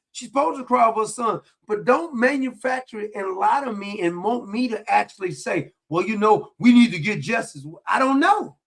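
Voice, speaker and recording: A man with a high, gravelly voice rants through a commentary monologue. His delivery is combative and mocking, and he hammers the same points again and again. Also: a bit bright. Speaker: political commentary host. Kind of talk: ranting monologue.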